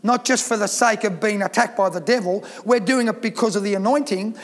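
A man with a strikingly high voice preaches a sermon with emphatic conviction, reading scripture aloud and driving his points home. His voice rings out with a long reverb, as if filling a large church hall. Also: fairly quick. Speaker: pastor.

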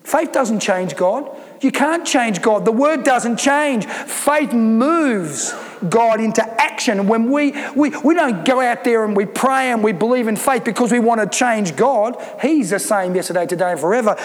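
Preacher guy, really high voice, keeps repeating lines for punch, echoey hall. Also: lively intonation, measured pace. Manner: emphatic, repeats phrases for stress. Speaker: pastor. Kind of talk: sermon.

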